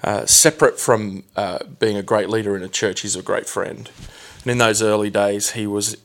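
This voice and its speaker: Gravelly low-voiced man. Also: steady tone. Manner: candid, halting, with many restarts. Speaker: guest telling his story. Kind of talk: emotional personal storytelling.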